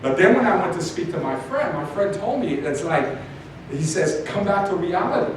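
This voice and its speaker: A man giving a motivational talk to an audience, telling stories with animated asides. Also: high-pitched, moderate pace. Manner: storytelling, animated, many asides like "right?". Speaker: motivational speaker. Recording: echoey hall from far off, noisy.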